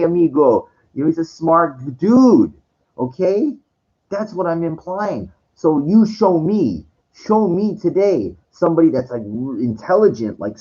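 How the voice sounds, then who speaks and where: A man's voice: mid-range voice, a little mellow. A man vlogging in a rambling monologue, swearing often and restarting his sentences over and over with lots of fillers. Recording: dull lo-fi recording.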